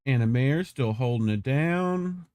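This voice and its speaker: A man's voice: medium pitch, expressive, unhurried, a little mellow, clear, resonant tone, no room sound. A man co-hosting an independent news livestream, talking in a chatty, loose way with lots of fillers. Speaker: news show co-host. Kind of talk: casual commentary on a livestream.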